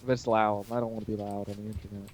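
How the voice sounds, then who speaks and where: A man with a hoarse throat co-hosting a casual chat between friends, joking, teasing and rambling. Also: lowish voice, little pitch movement, racing, darkish tone, low-quality recording. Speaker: podcast co-host.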